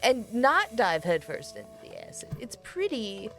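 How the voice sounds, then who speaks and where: A woman's voice: a little high, huge pitch swings, moderate pace, a bit bright, soft background music. A woman streaming a game, talking casually with sarcastic, self-mocking commentary and frequent swearing.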